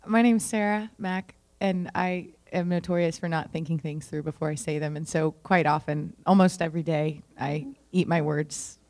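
A woman's voice: deep voice, fairly even intonation, normal speed, hardly any pauses, darkish tone, dry recording. A woman from the congregation speaking briefly about herself in a self-deprecating way. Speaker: congregation member.

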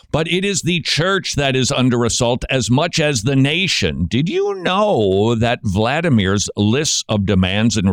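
A man hosting a Christian radio show, giving sarcastic commentary and breaking into mocking shouted impressions. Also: lowish voice, no room sound, studio quality.

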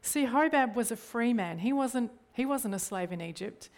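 Delivering an earnest sermon, a middle-aged church leader with an Australian accent often turns to her audience with rhetorical questions. She speaks at a normal speed in a somewhat high, animated voice.

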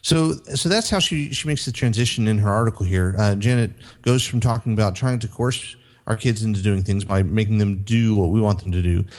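A man's voice: fairly low pitch, brisk, hardly any pauses, darkish tone. A man co-hosting a parenting podcast, earnestly summarizing and reading from an article. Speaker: podcast co-host. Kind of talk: casual chat, reading quotes.

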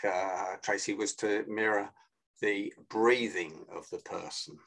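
A man, a guest on a video call interview, explaining with animated energy and acting out phone greetings. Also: lowish voice, slow, gravelly, rough recording. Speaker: guest, sales and influence trainer.

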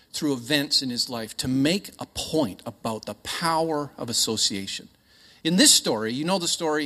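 Chatty Canadian preacher man, echoey hall. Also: medium pitch. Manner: chatty, joking, animated storytelling. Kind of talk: sermon.

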